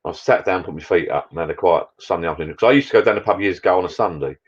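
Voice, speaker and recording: A man's voice: low voice, racing, husky, muffled recording. A man rambling through a casual live-stream chat from his garden bar, talking to viewers in a matey way. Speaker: vlogger hosting a live chat.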